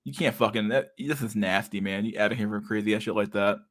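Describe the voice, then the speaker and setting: A man's voice: fairly low pitch, fast. Casual, profane man streaming commentary. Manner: profane, loose and meandering, laughs often. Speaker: streamer reacting to memes.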